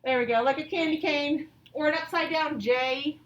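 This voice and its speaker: A woman teacher leads a grammar lesson for young children. Her voice sits high and patient, and she stretches out example sentences with exaggerated expression. She sounds a bit distant from the mic, in an echoey room. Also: normal speed, fairly bright tone.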